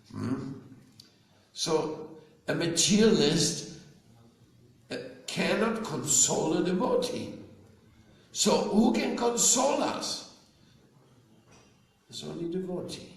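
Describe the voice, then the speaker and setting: A man, a spiritual teacher, giving a slow devotional talk to an audience and often asking them questions. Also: high voice, lively intonation, vocal fry, distant mic. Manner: slow, conversational, asks listeners questions. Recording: very echoey room, faint ambience.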